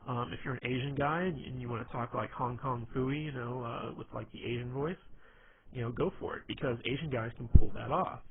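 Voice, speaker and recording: A man of middling pitch talks his listeners through how to be funny, loose and rambling, with a "you know" every few words. The sound is narrow and tinny, like a phone line, and a faint hiss sits under it. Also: fairly quick. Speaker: dating and humor advice presenter. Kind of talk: casual instructional talk.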